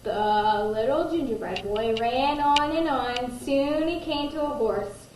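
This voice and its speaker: A woman kindergarten teacher reading a picture book aloud to children, gentle, pausing to ask them questions. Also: sits high. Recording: roomy echo, distant mic, faint noise.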